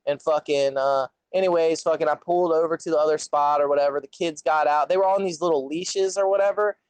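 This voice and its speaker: A man's voice: a little high, quick pace, clean tone, no room sound, rough recording. A young man telling a long story in casual chat, rambling and swearing constantly. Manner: profane, rambling, animated storyteller.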